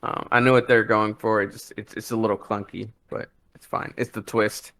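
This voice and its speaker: A man's voice: lowish voice, little pitch movement, normal speed, a bit bright. A man co-hosting a casual movie review podcast, rambling with restarts and acting out quotes. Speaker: podcast co-host.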